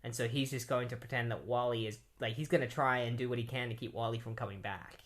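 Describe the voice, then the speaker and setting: A man's voice: medium pitch, steady tone, quick pace, a bit bright. Rambling man recapping comics. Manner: rambling, heavy use of "like" and "um". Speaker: comic book reviewer. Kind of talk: casual plot recap.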